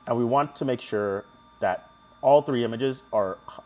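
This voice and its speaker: A young man hosting a live stream, chatting casually and joking with viewers as he walks through a software tutorial. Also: mid-range voice, moderate pace. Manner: chatty, jokey, talks to chat viewers.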